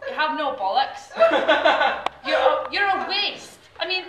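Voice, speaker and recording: A woman's voice: high voice, animated, takes it slowly. A woman doing a comic rant to camera, mocking and laughing between insults. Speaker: vlogger. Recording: echoey room with loud hiss.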